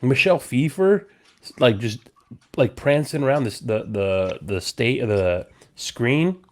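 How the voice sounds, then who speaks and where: A man in his thirties hosts a casual podcast chat while slightly drunk, slurring and rambling with restarts. His medium-pitched voice is animated and keeps a measured pace.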